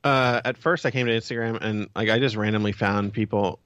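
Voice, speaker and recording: A man talking as a guest in a casual conversation, relaxed and agreeable, with halting starts. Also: on the low side, dry recording. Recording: dull, dry lo-fi sound.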